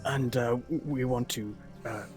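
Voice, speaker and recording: A socially awkward doctor, played by a man in a tabletop game, tripping over his words. He stammers, hesitates, and apologizes in an ordinary mid-pitched voice. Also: measured pace, darkish tone, faint music behind, natural voice. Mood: earnest. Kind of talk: tabletop role-play character voice.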